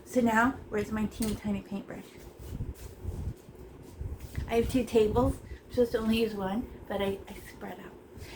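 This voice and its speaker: A woman's voice: medium pitch, steady tone, moderate pace, pauses often, background noise. A woman teaching a casual painting lesson, playful and chatty, tossing in silly sound effects as she works in a small art room.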